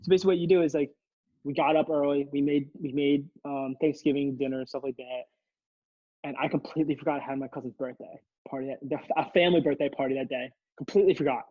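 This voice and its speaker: A young man with a fairly high voice tells a rambling, laughing story on a podcast, restarting his sentences often. His mic sounds dry and a little dull. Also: steady tone, fast, dry recording. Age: young adult. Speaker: podcast co-host. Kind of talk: casual storytelling chat.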